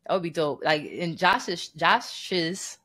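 A man co-hosting a podcast in casual chat, animated and slangy. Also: on the high side, slow. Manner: animated and chatty, with slangy talk. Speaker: podcast co-host.

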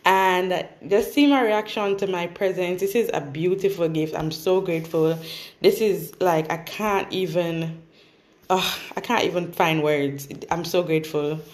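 A woman's voice: on the low side, fairly even intonation, measured pace. A woman with a Jamaican accent chatting casually for a storytime vlog. She rambles along with asides and fillers. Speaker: vlogger. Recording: roomy echo.

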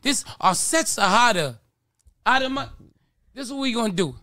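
A man's voice: extremely high pitch, animated, normal speed, pushed and bright, dry recording, clean studio sound. A man hosting a podcast, trading brash, teasing banter with plenty of swearing. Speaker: show host.

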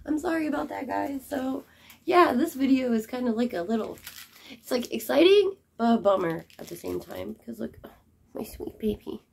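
A young woman vlogger chatting casually to camera, chatty and quick to apologize. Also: a little high, animated, vocal fry, breathy edge. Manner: chatty, apologetic, says y'all.

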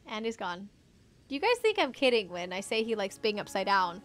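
This woman speaks in a sing-song, mid-range voice at normal speed while live-streaming a game from her home streaming room with a green screen. Using a foam-covered desk microphone, she chats casually with viewers between plays and babies her pet in a cooing voice.

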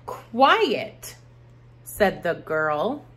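A woman teaching an online preschool lesson, talking with animated, exaggerated sounds for little children. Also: on the low side, drawn-out words.

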